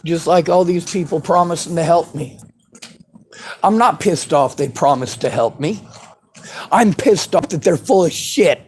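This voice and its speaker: A man's voice: a little high, measured pace, a little hiss or hum. A man delivering an angry monologue to camera, bitter and heavy with profanity. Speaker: vlogger.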